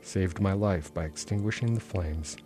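A man, the author, reading aloud from his own novel in a measured, intense first-person narration. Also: sits low, over music. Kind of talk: literary reading.

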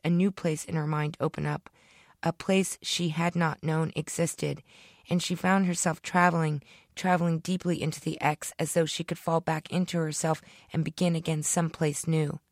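A woman's voice: low voice, no echo, clean studio sound. Woman reading her own story aloud.

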